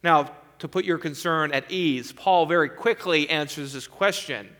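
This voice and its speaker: A man's voice: a little high, measured pace, sharp tone. A man preaching a sermon, earnestly and emphatically walking his listeners through a passage of scripture.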